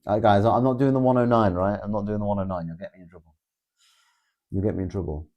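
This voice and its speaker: A man's voice: on the low side, steady tone, fast talker, darkish tone, muffled recording. A man, hosting a live stream, reading viewer comments aloud in a rambling, sarcastic way and swearing often. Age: 20s. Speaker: livestream host.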